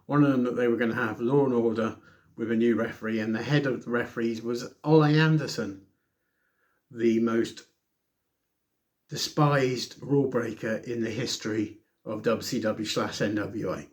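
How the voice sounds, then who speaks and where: A man's voice: medium pitch, steady tone, moderate pace. A man casually reviewing a wrestling show on his own, rambling, correcting himself and making sarcastic asides.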